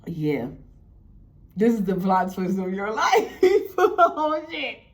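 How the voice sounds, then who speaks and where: A young woman telling a story to her viewers in a casual, animated way, laughing often and filling her talk with "like". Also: mid-range voice, slow. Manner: animated, laughing, heavy "like" fillers. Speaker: storytime vlogger.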